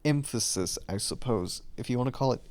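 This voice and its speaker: A young man talking quietly to himself in a casual monologue, mumbling and questioning himself while he lies on his bed with a microphone held close to his face. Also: mid-range voice, moderate pace. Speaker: vlogger. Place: bedroom, lying on the bed.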